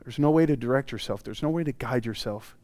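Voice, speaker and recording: A male pastor preaching a sermon, telling stories with animated swings from loud bursts to hushed, intimate passages. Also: mid-range voice, quick pace, no echo.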